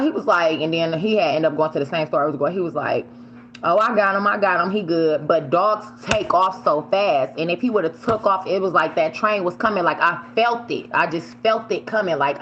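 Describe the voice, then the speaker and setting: A woman casually telling a story while she eats on camera, animated and swearing freely, sometimes shrieking the words she yelled. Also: sits low, highs cut off, a little hiss or hum. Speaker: vlogger.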